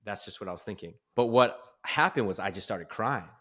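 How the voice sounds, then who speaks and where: Male podcast guest, candid storyteller, slightly low and bright-toned, earnest and self-mocking. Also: expressive, fairly quick. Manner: earnest, openly vulnerable, laughs at himself. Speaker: podcast guest, performance coach.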